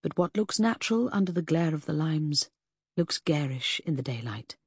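A woman's voice: deep voice, animated, normal speed, breathy edge, dry recording, clean studio sound, full character voice. Woman reading as a rueful, scarred lady. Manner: soft, rueful speech. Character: scarred, veiled woman, wry and sorrowful.

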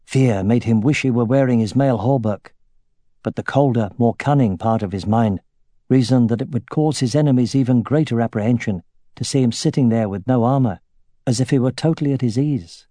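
A man narrating a fantasy audiobook in a measured, steady way. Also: medium pitch, no echo, clean studio sound.

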